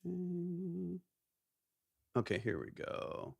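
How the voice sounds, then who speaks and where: Gravelly-voiced man hosting a live stream. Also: medium pitch, fairly bright tone. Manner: upbeat, quick to praise. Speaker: live stream host reviewing music submissions. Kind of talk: casual live stream chat.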